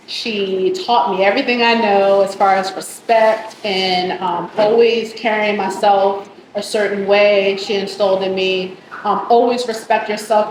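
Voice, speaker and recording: A restaurant owner from the Bronx talks casually and proudly about her cooking. She fills her pauses with ums and speaks at a middle pitch. The recording sounds echoey, with a steady noisy background. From the Bronx, New York. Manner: warm, proud, chatty with many ums. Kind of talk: casual interview. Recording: echoey room with background noise.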